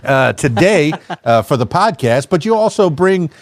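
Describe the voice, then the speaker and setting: A man's voice: fairly high pitch, sing-song, no room sound. Man, podcast host, casual, rambling, many restarts, dry close sound. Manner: rambling, halting, full of restarts. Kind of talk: casual chat.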